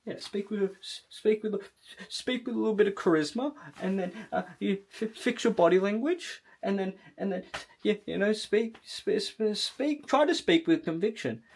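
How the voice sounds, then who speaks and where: A man's voice: high voice, lively intonation, normal speed, gravelly, exaggerated voice. A timid, stammering young guy, as a man puts him on, barely above a mumble and tripping over each word. He sounds unsure of everything he says. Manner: hesitant, stuttering, very quiet.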